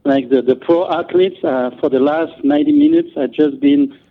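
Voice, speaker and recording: A man's voice: a little high, normal speed, creaky, a little hiss or hum. A man with a French accent, a native French speaker, talking as a guest in an interview with many restarts and fillers. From France. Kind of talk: interview on a call. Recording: tinny phone line.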